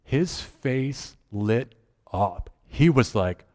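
Man pastor, lively storyteller, slightly high voice, long hall reverb. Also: moderate pace. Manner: animated storyteller acting out quoted voices. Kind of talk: storytelling sermon.

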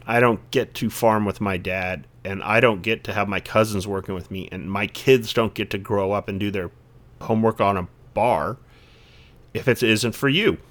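A man hosting a casual podcast conversation, talking in an earnest, reflective way in long, searching sentences. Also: lowish voice. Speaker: podcast host.

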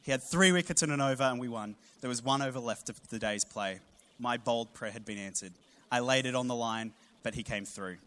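Aussie pastor guy preaching, tells funny stories, leans hard on words, mid pitched voice. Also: fairly quick. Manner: humorous storytelling, animated emphasis. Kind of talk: sermon.

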